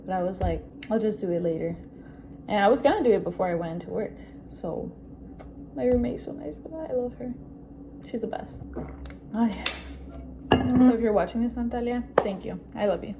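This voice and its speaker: A young woman in her twenties chats to camera from her kitchen, sharing advice in an upbeat, easygoing way. Her voice sits at an ordinary middle pitch, and she drops in the odd Spanish phrase. A steady hum of background noise runs under the home recording. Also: a little fast. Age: 20s. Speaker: vlogger. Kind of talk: casual vlog talk to camera.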